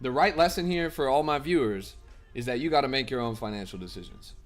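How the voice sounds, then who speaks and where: A young man live-streaming his trading to chat, excitable and profane, bursting into loud shouts. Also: medium pitch, brisk, faint music behind. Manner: profane, blunt banter with chat.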